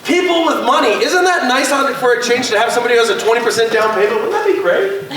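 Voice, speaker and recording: A man's voice: very high voice, lively intonation, quick pace, a crowd in the background. A man from California, a guest speaker at a class, telling chatty anecdotes to the room, acting out quotes and laughing often. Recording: echoey room, voice far from the mic, faint background noise.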